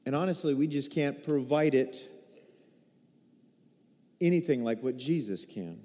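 A middle-aged male pastor preaching a sermon, telling stories emotionally and building to excited peaks. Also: mid-range voice, measured pace. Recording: long hall reverb.

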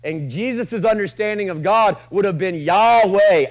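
A man with a slightly higher voice preaches a sermon to a live room. He talks casually and jokes, then builds to loud, passionate runs before dropping to quiet asides. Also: unhurried, rough recording. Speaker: pastor.

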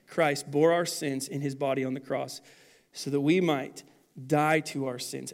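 Animated male pastor preaching. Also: on the high side. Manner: animated preaching, dropping to quiet intensity. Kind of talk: sermon.

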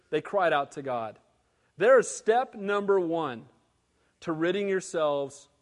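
A high-voiced pastor preaches an animated sermon, swinging from loud to hushed, with long hall reverb on the recording.

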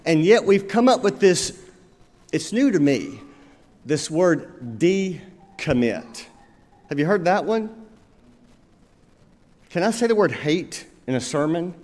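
A male pastor preaching a sermon, telling stories and slowing down to stress his points. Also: on the high side, animated. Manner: storytelling, emphatic, with slow pointed phrases. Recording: long reverb of a large hall.

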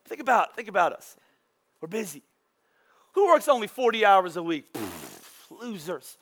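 A man preaching a sermon as pastor, animated and conversational, with playful asides to the congregation. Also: high voice, normal speed.

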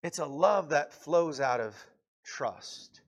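A man's voice: a little high, animated, slow pace. A man preaching a sermon in an earnest, fervent way, with many fillers and restarts. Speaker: pastor.

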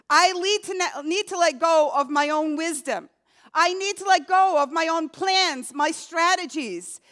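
A woman's voice: sits high, a bit bright. A woman preaching a sermon in an earnest, emphatic way, speaking prayers aloud as examples.

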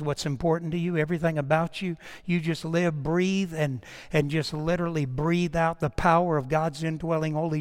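A middle-aged man preaching a sermon with passion, swinging from loud declarations to hushed storytelling and repeating words as he goes. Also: on the high side, long reverb tail. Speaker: pastor.

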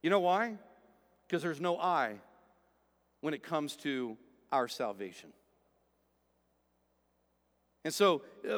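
A male pastor preaching a sermon, swinging from loud emphatic passages to quiet, low stretches. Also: big pitch swings, normal speed, long reverb tail.

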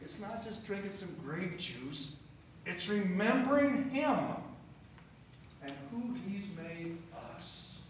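A man's voice: high voice, animated, takes it slowly. A man preaching a sermon, talking with the congregation and asking them questions. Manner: conversational, asks the congregation questions. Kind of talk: sermon with scripture reading. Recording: very echoey, distant, faint room noise.

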